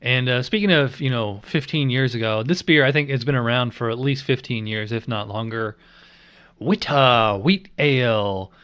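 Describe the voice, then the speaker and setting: Man, average pitch, relaxed chat, rambling, filler-heavy, reviewer host. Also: moderate pace, smooth. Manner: rambling, many fillers like "like" and "you know"; easygoing, thinking aloud.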